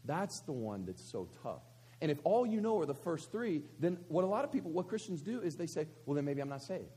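Man, pastor, sermon, high husky voice, conversational, rhetorical questions. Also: very animated, brisk, mellow. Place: church service.

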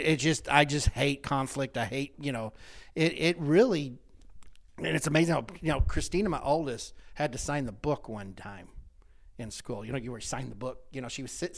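A middle-aged man telling stories in casual chat, animated, laughing often and breaking off his own sentences. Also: a little high.

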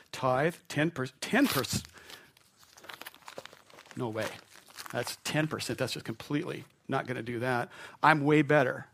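A man's voice: mid-range voice, vocal fry, fairly bright tone, slight background noise. A male pastor preaching a sermon in a church, conversational and playful, acting out the voices of doubters. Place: church sanctuary.

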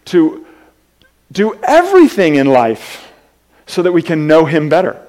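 A man preaching a sermon in an earnest, halting way, with many restarts, moving between soft and loud passages. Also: a little high, huge pitch swings. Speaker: pastor.

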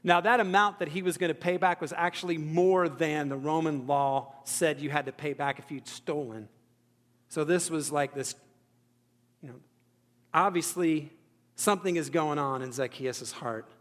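With a fairly high, fairly bright voice, a male pastor delivers a self-deprecating, conversational sermon, voicing the thoughts of his story's characters. Hall reverb colors the recording.

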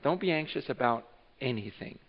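A man preaching a sermon as pastor, acting out what listeners might say in lively bursts. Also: medium pitch, normal speed, big-room sound, lo-fi sound. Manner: animated, acts out imagined speech of listeners. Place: church sanctuary.

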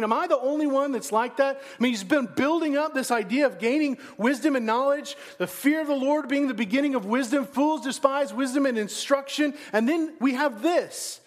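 A man with a notably high-pitched voice preaches a sermon. His delivery is casual and conversational, and he pokes fun at himself. He often checks in with his listeners through direct questions. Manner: conversational, self-deprecating, asks the congregation questions. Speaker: pastor.

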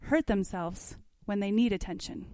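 A woman's voice: mid-range voice, moderate pace, dark tone, no echo. A woman teaching a parenting class, reading passages aloud from a book and adding casual comments with questions to her listeners. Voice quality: conversational, asks the class questions.

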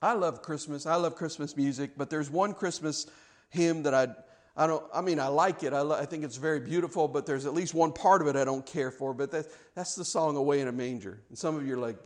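A middle-aged male pastor preaching a sermon in a church, animated and playful, swinging from hushed lines to loud emphatic ones. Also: a little high, brisk.

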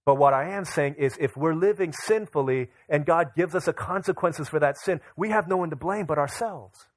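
A man's voice: on the high side, moderate pace, no echo. A young man pastor preaching a sermon, telling a family story and acting out his children's voices.

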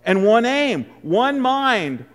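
A male preacher giving an expository sermon, emphatic, with loud stresses and hushed asides. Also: extremely high pitch, very animated, slow, soft background music.

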